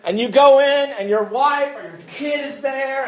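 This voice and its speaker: A man with a high voice preaches a sermon, speaking in a loose, joking, conversational way. He often stumbles and repeats words as he builds his point. His voice rings in an echoey church room. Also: moderate pace. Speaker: pastor. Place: church sanctuary.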